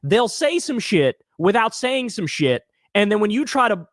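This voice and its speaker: Guy reacting to a clip, high lively voice, swears a lot, dry close mic. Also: normal speed, no echo. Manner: mocking, laughs often, swears. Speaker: reaction video host. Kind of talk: casual profane commentary.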